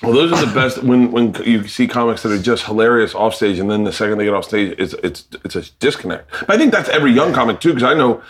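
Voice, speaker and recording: A man's voice: medium pitch, lively intonation, fast, few pauses. A man, the host and a comedian, telling profane stories with energy in a casual chat.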